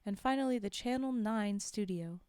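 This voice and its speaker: A woman's voice: medium pitch, moderate pace, a little mellow, clear, resonant tone, no echo, clean studio sound. Woman reading horror stories on stream. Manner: casual asides between read passages. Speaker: streamer and storyteller.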